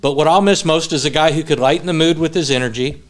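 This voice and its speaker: This memorial speech comes from a man with a higher-pitched voice who talks quickly. Standing in a funeral home, he remembers a friend through humorous stories, then shifts into earnest tribute.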